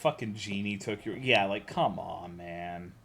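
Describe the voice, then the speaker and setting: A man's voice: fairly low pitch, unhurried, creaky, fairly bright tone, slightly rough. Profane ranting American man streamer. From United States. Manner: profane, ranting, reads chat aloud. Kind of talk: casual livestream chat.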